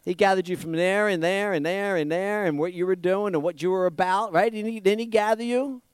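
A pastor with a notably high voice gives a conversational sermon, easy in manner and a little fast. He repeats phrases, poses rhetorical questions to the congregation, and swings from loud down to a near murmur before building up again. The sound is close, clean and dry, with no echo or room around it.

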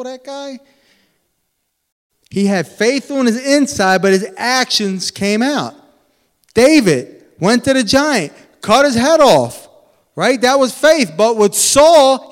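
A man preaching a sermon in a lively, animated way, swinging between loud emphatic bursts and quiet asides. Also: sits high. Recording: long hall reverb.

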